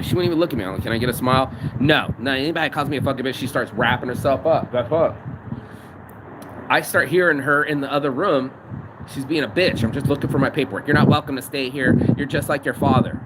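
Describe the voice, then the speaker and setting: A man with a slightly high voice rants and swears his way through stories, recording himself on a phone. The recording is outdoors in a city, with traffic and street noise clearly audible behind him. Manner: profane, venting, storytelling. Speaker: vlogger. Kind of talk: outdoor rant vlog.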